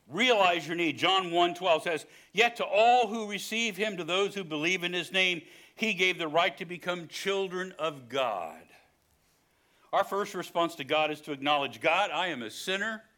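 An older West Virginia pastor with a West Virginian accent delivers a sermon, moving from quiet storytelling into loud, forceful preaching. His voice sits a little high.

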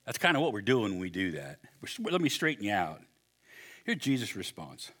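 A man preaching a sermon, animated and joking, acting out the people in his story. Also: lowish voice, brisk, breathy edge. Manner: animated, acts out voices with humor. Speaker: pastor.

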